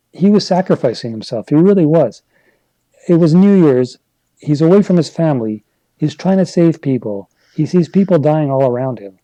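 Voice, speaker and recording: A man from Canada hosts a casual livestream, reading viewer comments aloud and drifting off into heated rants. His voice is dark and mellow, recorded close and dry with no room sound. He talks loosely, with restarts and fillers. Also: on the high side, dry recording, low-quality recording. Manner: conversational, rambling, gets worked up into rants. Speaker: livestream host reading chat.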